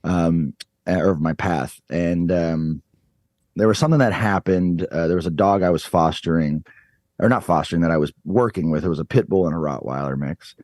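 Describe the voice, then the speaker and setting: A man in his thirties telling a story on a podcast, animated and swearing freely. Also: sits low, normal speed, dry recording. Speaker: podcast guest. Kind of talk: casual storytelling.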